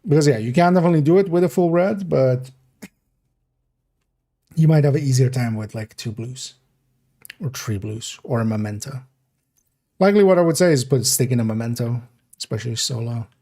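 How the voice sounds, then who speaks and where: A man's voice: mid-range voice, brisk, pauses often, mellow. A man streaming a game, chatting casually in a rambling, mumbling way full of fillers. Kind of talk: casual livestream game talk.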